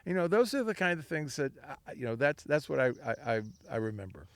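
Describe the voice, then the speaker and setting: A man's voice: fairly high pitch, big pitch swings, a little fast, dry recording. An older man from Southern California, a winery founder telling rambling, anecdotal stories in an interview. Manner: rambling, anecdotal, acts out quoted voices. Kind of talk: storytelling interview.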